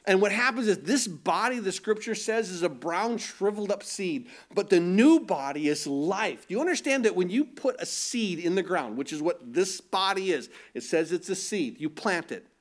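A man's voice: high-pitched, expressive, moderate pace, hardly any pauses. A man preaching a sermon, asking his listeners rhetorical questions and often repeating words as he builds his points. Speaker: pastor.

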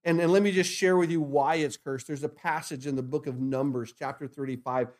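A pastor preaches a sermon to his congregation, answering his own rhetorical questions and repeating key phrases. His fairly high voice, steady in tone and brisk, sinks to near-hushed lines before climbing into loud, emphatic bursts.

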